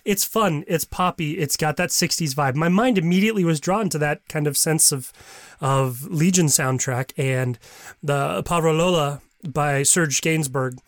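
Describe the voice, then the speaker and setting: A man's voice: a little high, measured pace, no room sound, clean studio sound. A man co-hosting a music show, chatting casually and jokingly about songs and laughing often. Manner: playful, jokey, laughs often. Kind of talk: casual music review chat.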